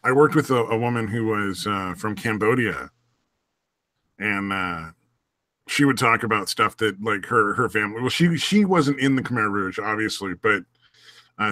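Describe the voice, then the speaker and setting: A man in casual podcast chat, talking haltingly with many fillers and restarts. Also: fairly low pitch, sharp tone, dry recording, clean studio sound. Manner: hesitant, halting talk with fillers. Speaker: podcast co-host.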